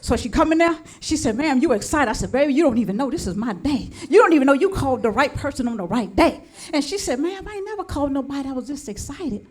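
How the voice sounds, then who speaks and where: A woman doing stand-up, telling a story with lively dialogue and acting out both sides of phone calls. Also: high voice, quick pace. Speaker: stand-up comedian. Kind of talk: stand-up comedy routine.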